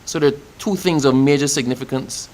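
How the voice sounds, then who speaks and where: A man's voice: mid-range voice, fairly quick, a little mellow. A man from Barbados with a Barbadian accent, answering an interviewer in a passionate, emphatic way and repeating phrases for effect. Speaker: official speaking about national celebrations.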